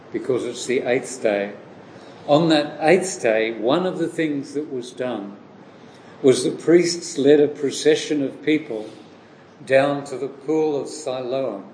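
A man delivers a sermon at an unhurried, deliberate pace, circling back over his phrases as he builds each point. His voice sits in the middle range and carries a noticeable room echo. A faint hum of background noise runs underneath. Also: medium pitch, a little mellow. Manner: slow, measured preaching with frequent repetitions and restarts. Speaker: preacher.

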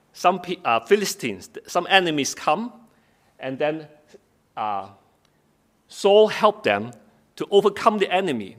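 A man's voice: sits high, fairly bright tone. A man giving a sermon, reading Bible verses aloud and then explaining them in plain, simple words with frequent restarts. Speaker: preacher. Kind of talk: sermon, Bible study exposition.

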